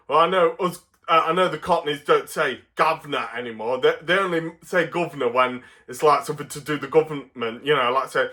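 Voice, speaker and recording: A man's voice: a little high, fairly quick, few pauses, sharp tone. A man from England chatting through a toy review in a rambling, casual way, with lots of fillers and chuckles. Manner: rambling, full of fillers and restarts, chuckles often.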